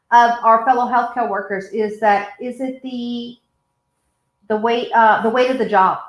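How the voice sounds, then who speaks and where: A woman's voice: fairly high pitch, echoey room, poor audio. A woman hosting a casual livestream, chatty and earnest, talking to viewers as y'all. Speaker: host. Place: home in Oregon.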